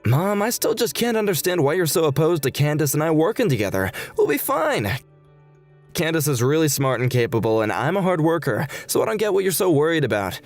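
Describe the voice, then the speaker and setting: A man's voice: a little high, sing-song, brisk, soft background music. A man playing a hesitant, defensive grown son. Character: hesitant grown son, a married father asking for money. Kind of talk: scripted text-message drama reading.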